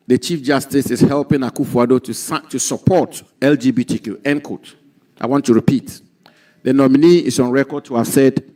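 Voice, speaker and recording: A man with a Ghanaian accent, a committee member putting formal questions to a nominee in a parliamentary hearing, deliberate and repeating key points for emphasis. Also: medium pitch, a little mellow.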